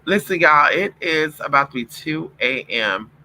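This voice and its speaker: Chatting with viewers in a loose, profane late-night vlog, this man calls them honey and y'all, and slips into playful pet talk to coo at and scold his puppies. His voice is very bright and sharp-edged, a little high for a man, expressive and measured in pace. The low-quality recording carries a little hiss or hum.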